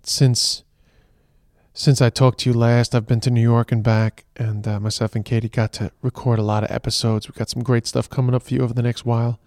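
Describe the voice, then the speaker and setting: In a mid-range, slightly mellow voice with a flat delivery, an Irish man co-hosts a podcast briskly and chattily, often starting phrases over. The conversation happens in a moving car amid traffic and train noise, with no echo.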